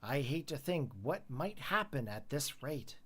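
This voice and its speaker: A streamer reading the lines of an earnest young woman with urgent news in a game, slow and pleading. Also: medium pitch, very animated, fairly bright tone, slightly rough, exaggerated voice.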